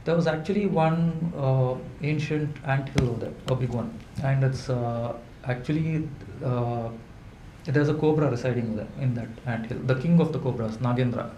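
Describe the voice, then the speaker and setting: A man, telling folk tales to a live audience in a halting way, with many fillers and restarts. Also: medium pitch, mellow. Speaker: storyteller. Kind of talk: live folklore storytelling. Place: event hall indoors. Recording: echoey room with faint hum.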